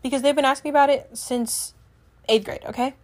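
A teenage girl talks casually to her viewers, her voice sitting a bit high. She rambles, stacks up fillers and keeps breaking off to restart her thoughts. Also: steady tone, brisk, a little mellow. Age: teens. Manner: rambling, chatty, filler-heavy with lots of "like"; self-correcting, trails off and restarts. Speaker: vlogger. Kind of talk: casual chat to camera.

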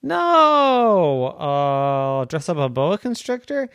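A man voicing a fussy, excitable girl who insists on an unusual pet, talking in a raised, quick voice. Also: fairly high pitch, no room sound, clean studio sound, voice pushed up. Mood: insistent.

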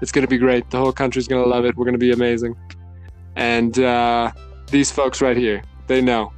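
A man's voice: medium pitch, little pitch movement, a little fast, faint music behind, lightly acted. A man doing a bragging older politician. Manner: bragging, repetitive, addresses the crowd as folks. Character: boastful older male politician at a rally.

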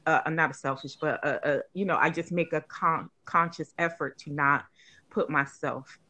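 A woman's voice: sits low, fairly even intonation, normal speed, pushed and bright. Emphatic woman firing indignant questions. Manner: frequent restarts and fillers. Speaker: podcast co-host. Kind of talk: casual podcast discussion.

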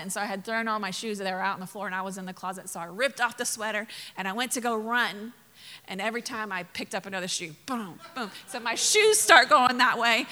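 A woman's voice: on the high side, pushed and bright, in a large hall. A woman pastor from Mississippi preaching a sermon, telling funny stories with laughs and sudden emphatic bursts.

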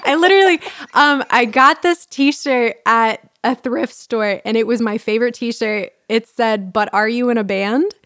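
A woman co-hosting a casual movie podcast, chatty and quick to laugh and swear. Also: a little high, a bit bright, no room sound. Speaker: podcast co-host.

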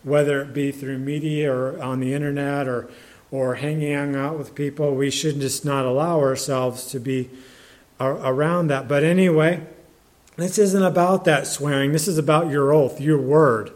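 A man preaching a sermon in a conversational, halting way, with many restarts and fillers, and reading scripture aloud in older English. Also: a little high, fairly even intonation, darkish tone.

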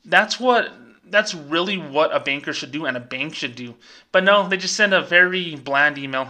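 Ranting man in his thirties, bright voice. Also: on the high side. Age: 30s. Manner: animated, ranting, quick asides. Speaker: host. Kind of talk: casual commentary.

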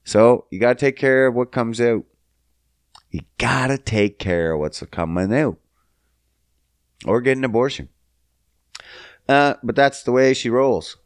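A young man from Canada rambles through his solo podcast, cursing freely and breaking into sing-song bits. His delivery is unhurried, with pitch that leaps around playfully. The sound is dry and close, with no room around it. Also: expressive, smooth, dry recording. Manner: sing-song, jumps high in pitch for silly bits, profane. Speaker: podcast host. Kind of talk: solo comedic podcast rant.

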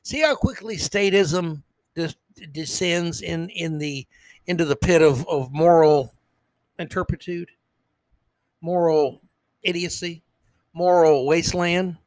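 A man's voice: on the high side, slow, pauses often, a little mellow, no echo. A man hosting a podcast in a sarcastic, emphatic rant that sometimes stumbles over its words. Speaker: podcast host. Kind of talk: ranting political commentary.

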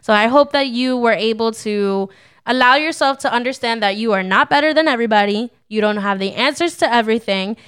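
A woman's voice: a little high, a little fast, fairly bright tone, smooth. A young adult woman co-hosting a casual Christian podcast, upbeat and a little preachy, laughing often. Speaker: podcast co-host. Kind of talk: casual faith-based podcast talk.

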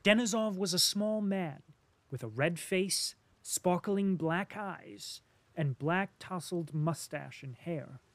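Slow, measured male storyteller. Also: high voice, no room sound. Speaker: audiobook narrator. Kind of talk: scripted narration.

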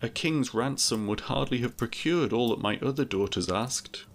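A man's voice: medium pitch, expressive, moderate pace, voice pushed up. A man voicing a frightened old merchant who begs and pleads anxiously. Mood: pleading. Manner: begging and anxious.

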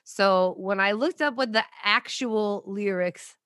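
A woman co-hosting a podcast in casual chat, playful and quick to burst out laughing. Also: mid-range voice, no echo, clean studio sound. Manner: giggly, playful, animated. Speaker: podcast co-host.

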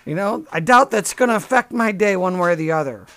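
Sarcastic, high-voiced ranting man. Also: animated, brisk, fairly bright tone. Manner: sarcastic, profane, rambling. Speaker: podcast host. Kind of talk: comedic rant.

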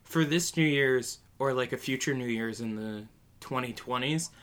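A man's voice: medium pitch, moderate pace, a bit bright. A man co-hosting a podcast, chatting casually with joking asides. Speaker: podcast co-host. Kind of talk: casual chat.

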